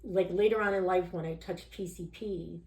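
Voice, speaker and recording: Speaking at a normal speed with a steady tone, this woman has a fairly low, darkish voice. She's a podcast interview guest recounting her own story candidly and ramblingly, full of "you know" and "like," often imitating the people she quotes, in a room with noticeable echo.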